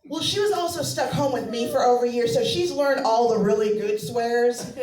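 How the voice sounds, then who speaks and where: A Massachusetts stand-up comedian and mother of two tells family stories on a comedy club stage, acting out everyone's voices in a chatty way. Her voice sits on the high side at a normal speed. The club is echoey, the mic is distant, and there's crowd noise.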